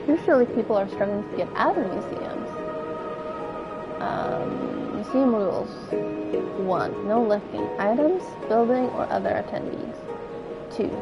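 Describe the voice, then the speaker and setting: A woman streamer reading out all the lines of a detective game, with wry asides of her own. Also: mid-range voice. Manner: reads all characters in a plain voice with asides. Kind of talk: reading game dialogue aloud. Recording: dull lo-fi stream audio with loud game music.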